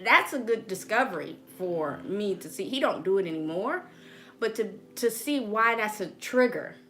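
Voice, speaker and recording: A woman with a Southern US accent telling stories in a casual chat, animated and laughing often as she acts out quotes. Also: medium pitch, moderate pace, soft background music. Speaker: podcast host.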